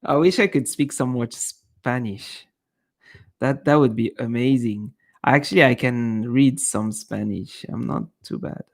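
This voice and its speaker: A man's voice: mid-range voice, measured pace, creaky. A young man hosting a live stream, chatting casually with his viewers and reading comments, laughing often between many fillers.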